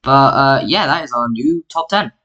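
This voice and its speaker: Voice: mid-range voice, animated, normal speed, pushed and bright, lo-fi sound. A mapping YouTuber narrating an alternate history in casual, rambling, self-mocking commentary, full of "like" fillers, sounding tired. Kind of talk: casual screen-recorded commentary.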